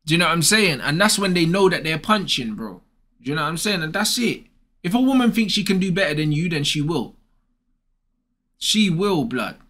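A man's voice: a little high, lively intonation, fairly quick, a bit bright. A young man, ranting casually and bluntly with lots of slang as host. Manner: blunt, slangy, repeats "bro" and "bruv". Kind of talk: casual advice rant.

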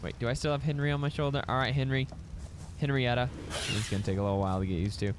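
A man commentating his own gameplay, excitable, chattering to his in-game pets and breaking into squeals and shouts of delight. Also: mid-range voice, fast, background noise. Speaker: let's play gamer.

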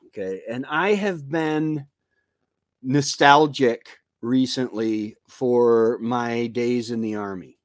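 Man, 50s, livestream host; unhurried, rambling chat, dry close sound. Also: medium pitch, fairly bright tone, dry recording. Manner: rambling, with many fillers and restarts. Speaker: homestead show host. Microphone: computer mic on a live stream.

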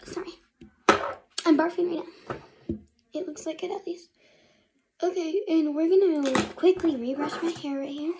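Young female, high-pitched, casual get-ready vlog, rambling, murmurs to herself, noisy recording. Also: fairly even intonation, moderate pace, long pauses. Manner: chatty, rambling, often half-whispering to herself. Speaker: vlogger.

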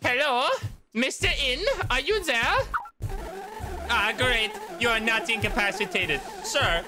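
A man voicing a pompous, overly polite male innkeeper from a video game, reading his lines in a formal host's manner. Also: sits high. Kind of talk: reading game dialogue aloud in a voice. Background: game music.

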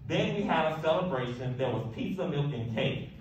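A man reading a rhyming picture book aloud in a lively, sing-song way. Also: moderate pace, distant mic. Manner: lively, sing-song delivery with big pitch jumps. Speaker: storybook reader. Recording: echoey room, voice off-mic, faint hiss.

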